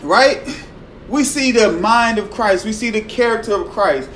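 A man delivers a sermon in a fairly high voice. He talks to his listeners conversationally and keeps checking in with "right?" His delivery swings from loud, pressing emphasis to near-hushed moments. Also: unhurried, a little hiss or hum, rough recording. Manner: conversational, tags lines with "right?". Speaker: preacher.

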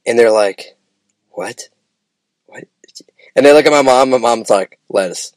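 Rambling, excitable man in a casual podcast. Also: medium pitch, a little fast, no room sound. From Idaho, US. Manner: rambling and enthusiastic, peppered with "man" and "bro". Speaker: podcast host. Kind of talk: casual solo podcast chat.

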